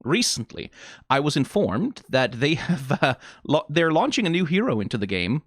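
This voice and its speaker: This is a young man from Denmark, chatting through a reaction video in a wry, meandering way. His pitch rises and falls a great deal as he talks. The sound is close and dry, with no room echo. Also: very animated, normal speed, fairly bright tone. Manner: wry, rambling, with frequent self-restarts. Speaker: content creator. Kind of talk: casual reaction commentary.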